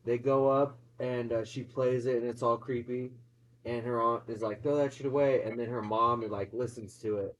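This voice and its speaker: Man, mid pitch, excited swear-heavy movie recap, slightly muffled lo-fi audio. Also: normal speed. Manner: excited, profane, laughing storyteller. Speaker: co-host, movie reviewer. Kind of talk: casual movie review chat. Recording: dull lo-fi sound.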